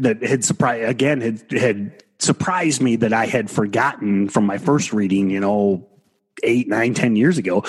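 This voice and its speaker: A man's voice: medium pitch, husky. A man hosting a podcast, chatting casually about trading with plenty of fillers and restarts. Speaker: podcast host, trader. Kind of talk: casual chat.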